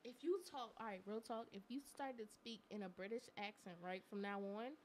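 An American woman co-hosting a live talk show, joking loudly and laughing often. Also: medium pitch, brisk, background noise. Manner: loud, laughing, joking, with playful bursts. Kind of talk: casual chat.

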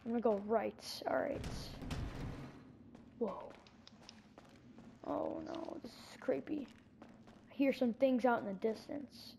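A woman's voice: a little high, takes it slowly, vocal fry, long pauses, dark tone, a little hiss or hum. A woman playing through a scary game story, reacting breathlessly with lots of exclamations. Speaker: player acting out a scary game movie. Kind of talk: improvised game role-play narration.

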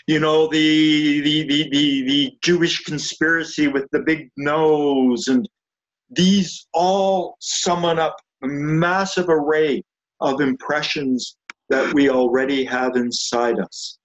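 Slow, reflective man teaching. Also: fairly high pitch, steady tone, muffled recording. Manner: slow, reflective, with frequent restarts. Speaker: group leader teaching spiritual ideas. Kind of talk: unscripted talk with read-aloud passages. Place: a room with chairs and a sofa.

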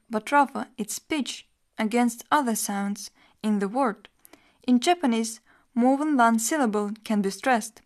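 A woman teacher reading a scripted lesson in an even, measured explanatory tone. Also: a little high. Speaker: language teacher.

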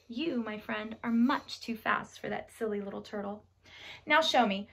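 A young woman teaching nursery rhymes to children in a playful, sing-song way, with sudden squeals and hushed whispers. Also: a little high, moderate pace, vocal fry, husky. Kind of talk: nursery rhyme lesson with hand motions.

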